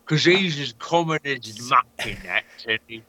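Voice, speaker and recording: A man with a British accent co-hosting a casual talk podcast, speaking in a measured, thoughtful way. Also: mid-range voice, expressive, sharp tone, no echo, rough recording. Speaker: podcast co-host. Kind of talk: casual chat.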